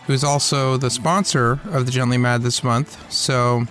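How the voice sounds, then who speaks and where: This podcast host from the Atlanta area, US, talks in a flat, medium-pitched voice that's a little slow and fairly bright, with faint music in the background. His casual monologue is self-deprecating and full of restarts and tangents.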